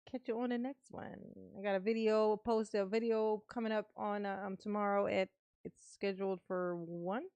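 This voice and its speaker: A woman with a mid-range voice and vocal fry hosts a casual livestream, teasing and laughing often and fondly calling herself Mama to her viewers. The audio has no echo.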